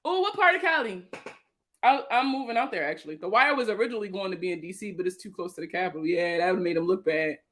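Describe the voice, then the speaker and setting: A woman's voice: lowish voice, very fast, few pauses. A young woman with a Baltimore accent, hosting a money livestream in a loose, slangy, chatty way and greeting viewers by name. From Baltimore, USA. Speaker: financial educator hosting a livestream. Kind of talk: casual livestream chat answering viewer comments.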